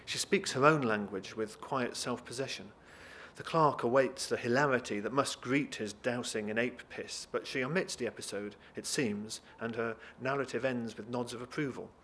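Male reader, lively expressive narration of a novel, faint background noise. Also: medium pitch, normal speed. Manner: lively expressive reading, talks briefly to listeners. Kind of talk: reading a novel aloud.

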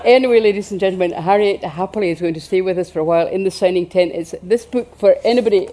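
A woman chairing a book festival event, wrapping up with brisk, wry remarks to the audience. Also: mid-range voice, dark tone.

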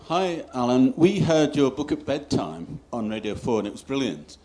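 A man's voice: medium pitch, sing-song, normal speed, mellow. A man in the audience politely asking the author a question into a roving mic. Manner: polite, brief.

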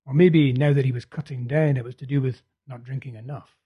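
A man narrating a novel aloud in a steady, low-key way. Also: fairly quick, slightly rough, phone-quality sound. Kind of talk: audiobook narration.

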